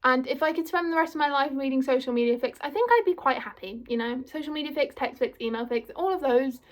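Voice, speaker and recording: A young woman talks straight to her viewers in an eager, rambling vlog. Her voice sits high, and she peppers every thought with "like" as she gushes. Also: steady tone, fast talker. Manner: gushing, filler-heavy, full of "like". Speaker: vlogger. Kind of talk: casual vlog chat.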